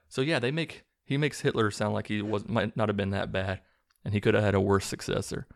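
A man casually recapping a movie plot with a sarcastic edge, acting out the characters' lines in quick bursts. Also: fairly low pitch, steady tone, gravelly, dry recording, clean studio sound. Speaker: movie reviewer recapping a film.

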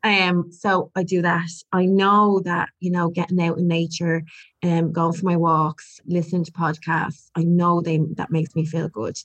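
A woman's voice: on the low side, little pitch movement, a little slow, lo-fi sound. A woman in her forties, a podcast guest, talking in an earnest, reflective way with frequent restarts. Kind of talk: candid conversational interview.

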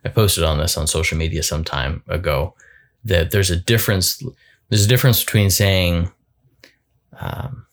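A man giving a reflective solo talk as a coach, thoughtful and halting, often repeating words as he goes. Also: low voice, steady tone.

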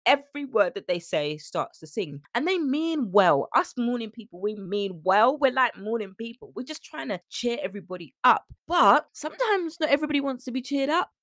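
Animated chatty woman podcast coach. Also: a little high, normal speed, few pauses, no room sound, clean studio sound. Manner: chatty, animated, acts out sing-song quotes. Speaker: weight-loss coach and podcast host. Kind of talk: casual solo podcast talk.

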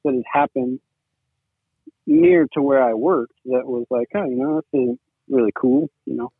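A man's voice: medium pitch, expressive, moderate pace, creaky, slightly rough, no echo. A man talking casually as a guest, rambling with lots of "you know"s. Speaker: guest, sibling-in-law. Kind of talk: casual conversation. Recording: tinny phone-like line.

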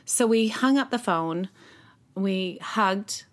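Earnest woman telling a personal story. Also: medium pitch. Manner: earnest, halting, with many restarts. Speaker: interview guest, mother.

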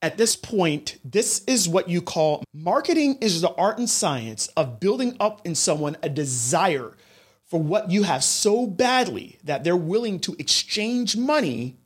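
A man hosting a solo podcast, speaking in a slightly high voice that swings up and down as he tells his story. He talks directly to his listeners in an animated, storytelling way. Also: a little slow, breathy edge. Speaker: podcast host. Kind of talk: podcast monologue.

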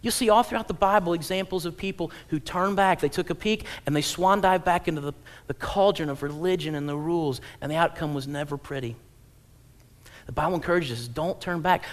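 Animated high-voiced male preacher. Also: in a large hall. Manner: animated, swings from loud acted-out quotes to low quiet asides; humorous, conversational preaching. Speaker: pastor. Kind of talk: sermon.

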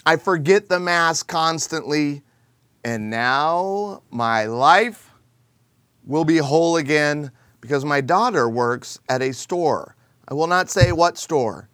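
Middle-aged male host, comedic monologue, animated, slightly high voice. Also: slow pace, no echo, studio quality. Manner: animated, jokey, acts out quoted people.

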